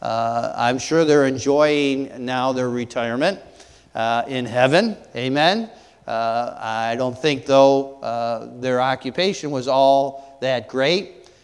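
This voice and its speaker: Pastor, man, sermon delivery, smooth resonant voice, hesitant with fillers, long hall reverb. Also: medium pitch. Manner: halting, many fillers and restarts, rhetorical questions.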